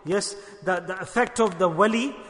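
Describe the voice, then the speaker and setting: High-voiced, bright preacher in a hall. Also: male voice, moderate pace. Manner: emphatic, repeats lines and asks the audience questions. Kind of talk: sermon. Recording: long hall reverb.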